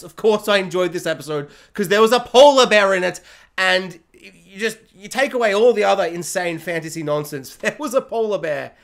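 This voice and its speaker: A man's voice: high-pitched, a bit bright. An Australian man giving a casual video review, rambling and self-mocking and laughing often.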